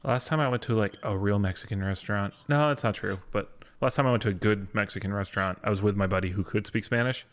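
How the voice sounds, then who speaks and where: A man's voice: on the low side, quick pace, hardly any pauses, dry recording. A man co-hosting a podcast in casual chat, teasing his co-host in a wry way.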